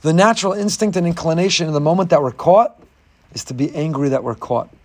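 A man's voice: a little high, quick pace. A man giving a Torah lecture, reading Hebrew texts and explaining them in English, his voice rising sharply on rhetorical questions. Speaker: rabbi giving a Torah class.

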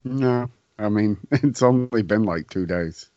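A man co-hosting a podcast in easy chat, telling stories with laid-back, dark humor. His voice is low and sounds close and dry. The audio has a dull, lo-fi tone. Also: unhurried, no echo. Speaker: podcast co-host. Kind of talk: casual chat.

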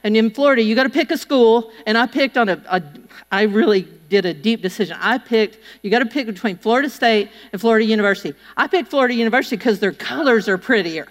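A woman preaching a sermon, telling chatty, animated personal stories and acting out the voices of the people in them. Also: on the high side, quick pace. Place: church hall. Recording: long hall reverb.

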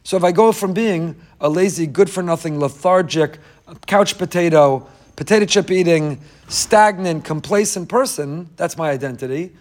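Guy preaching a torah class, kinda high voice, hammers the same lines over and over, cracks little jokes. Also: moderate pace. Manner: emphatic, repeats key phrases, joking asides. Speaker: rabbi teaching a class. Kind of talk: lively Torah lecture.

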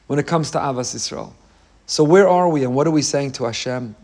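Briskly and with a slightly mellow mid-range voice, a male rabbi preaches passionately on the week's Torah portion, falling into a repetitive rhetorical rhythm.

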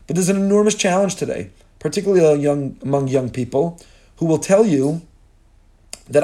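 A man's voice: on the high side, moderate pace, warm tone. A man teaching a Torah lesson in a sermon style, building his points through long repeated lists and mixing in Hebrew phrases. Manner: impassioned, repetitive rhetorical lists.

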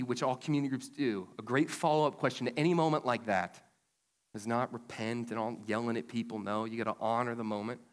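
A male pastor delivers a sermon in a relaxed, chatty way, now and then rising into emphatic bursts. His voice sits at an ordinary middle pitch. The sound carries a long reverb from a church hall. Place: church sanctuary.

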